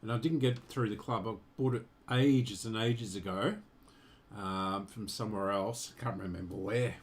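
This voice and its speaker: A man's voice: on the low side, moderate pace. A man casually showing off his vintage radios, rambling with fillers and asides. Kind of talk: casual show-and-tell vlog.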